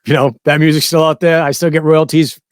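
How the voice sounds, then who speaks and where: A man's voice: on the high side, level tone, fairly quick, no echo, studio quality. A man appearing as a guest on a podcast, chatting casually and cracking jokes. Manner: joking, easygoing. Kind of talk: casual chat.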